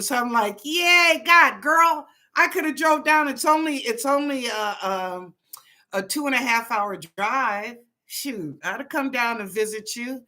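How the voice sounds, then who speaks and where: A psychic reader hosting her live stream talks casually in a medium-pitched, fairly bright voice. One by one, she greets the people watching by name.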